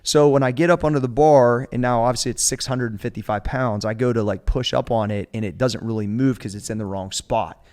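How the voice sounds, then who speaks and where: A man in his forties tells a story on a coaches' podcast in a casual, animated way. He acts out what others said and swears freely as he goes. His voice sits at an ordinary middle pitch for a man. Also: a little fast, few pauses. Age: 40s. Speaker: strength coach.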